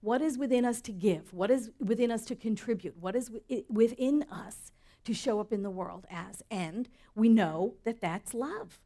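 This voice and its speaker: A woman's voice: on the high side, lively intonation, normal speed, warm tone. A middle-aged woman minister preaching a sermon in an earnest, storytelling way that rises for emphasis.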